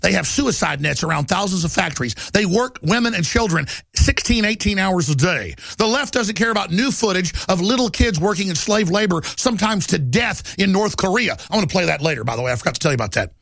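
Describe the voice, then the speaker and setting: A man with a raised, gravelly voice rants through a talk show monologue. He speaks fast and emphatically and sounds agitated throughout. The sound is close and dry, with no room echo. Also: high voice, animated, fairly bright tone. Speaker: radio and TV talk show host.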